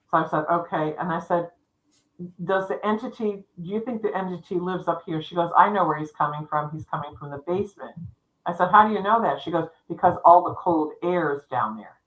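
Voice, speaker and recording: A middle-aged woman tells her tale in a bright, forceful voice that sits a little low. She rambles and restarts, acting out what each person said. She talks casually into a livestream microphone. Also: rough recording. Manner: rambling, with restarts and quoted dialogue. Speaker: psychic storyteller co-hosting a livestream. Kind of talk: casual spoken storytelling.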